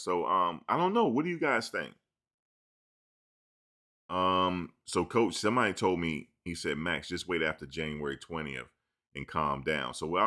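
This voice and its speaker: Deep-voiced, bright, animated sports streamer man. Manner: animated, teasing, talks straight to the chat. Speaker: sports show host reading live chat. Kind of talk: casual live-stream sports talk.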